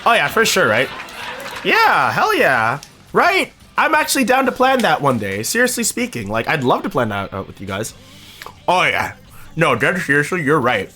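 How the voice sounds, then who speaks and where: Young male streamer, loose and rambling, pitch swinging a lot, on a cheap mic. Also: moderate pace. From Canada. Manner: animated, rambling, swearing casually. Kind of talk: casual chat with chat viewers. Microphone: cheap microphone.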